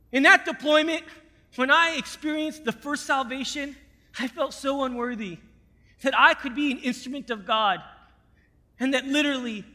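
A man preaching a sermon and telling a personal story, moving between hushed storytelling and fervent, raised preaching. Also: very high voice, in a large hall. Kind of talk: sermon testimony.

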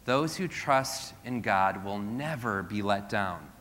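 A middle-aged male pastor preaches with a bright, forceful voice, mixing scripture with wry self-deprecating asides. He throws rhetorical questions at the congregation, and his words trail off in the long reverb of a church hall. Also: lowish voice, lively intonation, takes it slowly. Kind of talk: sermon.

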